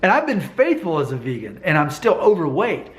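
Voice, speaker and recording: A man delivering a casual vlog monologue straight to the camera. His voice sits a little high for a man, and he presses his points hard, circling back and repeating himself for emphasis. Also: huge pitch swings, fairly quick. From United States. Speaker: vlogger.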